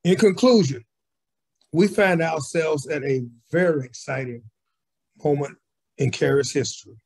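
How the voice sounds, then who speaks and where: A man delivering a prepared civic speech in a measured, read-aloud way. His voice is a little high and husky. It comes through a video call. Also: darkish tone. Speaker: community organizer speaker. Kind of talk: prepared speech at a virtual assembly.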